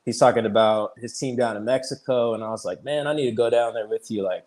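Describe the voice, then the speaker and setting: A man in his thirties, a pitcher guest on an interview show, telling his story casually, peppered with "like" and easy laughs. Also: fast talker, darkish tone. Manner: chatty, fills speech with "like", retells conversations; laughs easily while telling stories.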